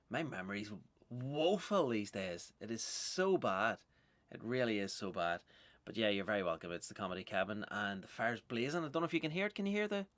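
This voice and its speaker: Rambling Northern Irish comedian, low and dry. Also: male voice, big pitch swings, brisk, fairly bright tone, dry recording. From Northern Ireland. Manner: self-mocking, swearing, loose and chatty. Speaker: stand-up comedian and podcast host.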